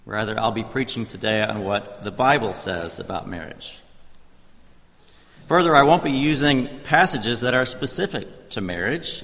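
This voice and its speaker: A middle-aged man preaching a sermon in a church, praying and telling stories in a measured, conversational way. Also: lowish voice, fairly bright tone. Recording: reverberant church hall.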